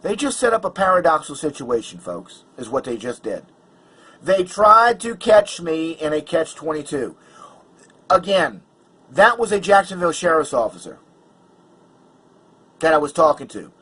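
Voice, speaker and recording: Husky, high-voiced man telling an angry story. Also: big pitch swings, normal speed, pauses often, pushed and bright, low-quality recording. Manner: emphatic, stammering restarts. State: angry and worked up. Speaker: vlogger. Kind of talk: agitated personal story to camera.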